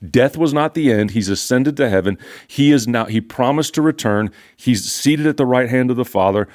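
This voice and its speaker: A man's voice: medium pitch, moderate pace, a little mellow. An older man, a pastor, teaching from scripture in an earnest, emphatic conversational way. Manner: earnest, emphatic, repeats phrases for stress.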